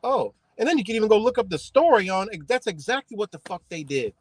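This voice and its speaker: A man's voice: sits high, fast, no room sound. Profane man ranting while driving. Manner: profane, animated, rambling. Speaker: livestream host. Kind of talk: casual ranting livestream. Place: car.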